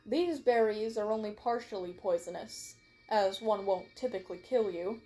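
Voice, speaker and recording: A woman's voice: medium pitch, moderate pace, warm tone, soft background music, lightly acted. A woman reading the lines of a bookish male wolf who knows plants, in a matter-of-fact way, close to her own voice. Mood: lecturing.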